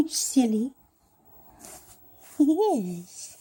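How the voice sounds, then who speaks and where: Woman baby-talking her cats at home, really slow, slips into whispers, kinda high voice. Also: lively intonation, dark tone, slightly rough. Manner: cooing baby talk to her cats, often drops to a whisper. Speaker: cat owner filming her pets. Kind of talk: casual talk to pets.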